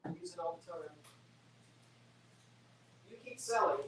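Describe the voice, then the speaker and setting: A man's voice: a little high, expressive, unhurried, a bit bright, a little hiss or hum. A man selling items on a live sale stream, with chatty, joking sales patter. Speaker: guest seller on a live sale.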